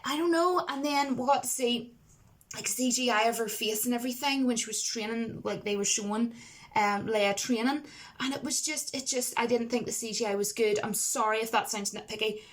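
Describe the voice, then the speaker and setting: A woman with a fairly high-pitched voice delivers a casual film review straight to camera. She rambles and restarts, packs in fillers and leans hard on her opinions. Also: brisk. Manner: rambling, chatty, emphatic, lots of fillers.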